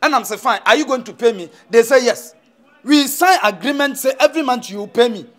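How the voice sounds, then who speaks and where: A man's voice: very high-pitched, lively intonation, brisk, fairly bright tone. A man playing a blustering Ghanaian fetish priest. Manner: blustering, repeats threats. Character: threatening male fetish priest student. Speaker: student who is a fetish priest. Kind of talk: comedy film acting.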